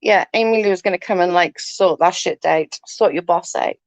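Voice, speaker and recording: A woman's voice: fairly low pitch, moderate pace, no room sound. A middle-aged woman, chatting casually on a livestream and telling funny family stories, laughing often and swearing freely. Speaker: livestream host. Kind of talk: casual storytelling chat.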